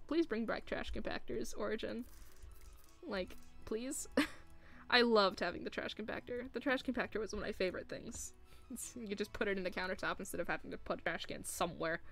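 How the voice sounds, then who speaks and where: A woman's voice: medium pitch, gravelly, a bit bright. A woman streaming a building game, scolding the furniture in exasperation and laughing often between complaints. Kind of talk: live gameplay commentary.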